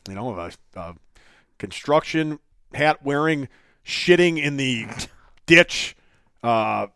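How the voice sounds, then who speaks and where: Male podcast host, mid pitch, loose rambling banter, dry close sound. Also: animated, slow pace, a bit bright, smooth, no echo. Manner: joking, rambling, swears casually. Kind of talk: casual chat.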